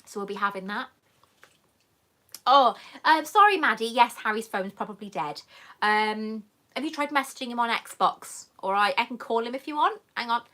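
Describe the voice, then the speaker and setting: Bright-voiced chatty woman host. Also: on the high side, lively intonation, normal speed. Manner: chatty and affectionate, reads viewer comments aloud, calls people darling. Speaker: YouTube host answering live chat questions. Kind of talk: casual live-stream chat.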